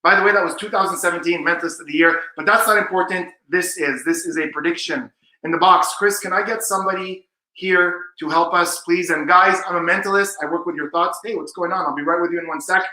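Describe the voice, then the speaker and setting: Showy mentalist man, high bright voice. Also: fairly even intonation, quick pace, reverberant, rough recording. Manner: showy, teasing, addresses the audience. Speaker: mentalist guest. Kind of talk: magic performance patter.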